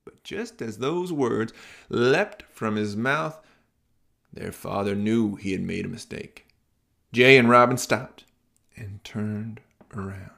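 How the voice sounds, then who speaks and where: A man telling a children's bedtime story as podcast host, in a relaxed, rambling way with fillers. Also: lowish voice, slow, gravelly.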